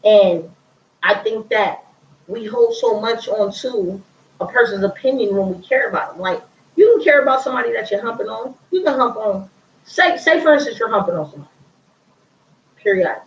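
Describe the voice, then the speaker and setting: A woman's voice: fairly high pitch, animated, normal speed, a little hiss or hum. Woman, blunt, slangy, casual storytelling, echoey room, away from the mic. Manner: blunt, repeats herself, slangy. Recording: roomy, distant, dull lo-fi sound.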